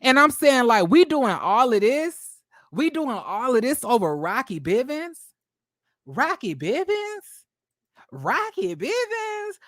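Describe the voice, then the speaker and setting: A man hosting a gossip commentary channel, talking in a brash, profane, theatrical way with drawn-out exclamations. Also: very high voice, very animated, fairly bright tone, no room sound, studio quality.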